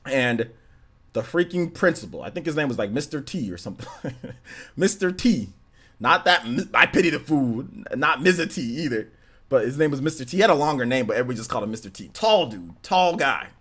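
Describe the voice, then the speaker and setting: A young man hosting a gaming livestream, telling a story in a casual, animated way, laughing and exclaiming as he thanks viewers. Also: medium pitch, brisk. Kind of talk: casual storytelling with chat shout-outs.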